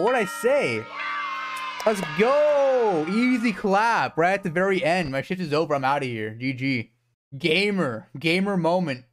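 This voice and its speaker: A young man streaming live gameplay, talking fast and excitably, yelping and swearing at scares and cheering at wins. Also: sits high, over music. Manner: excitable, jumpy, swears, yelps when scared.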